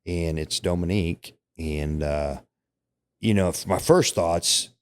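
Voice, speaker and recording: A man's voice: deep voice, takes it slowly, darkish tone. A middle-aged man, a podcast guest, tells a candid, emotional personal story in casual conversation, often checking in with "right?" and "you know".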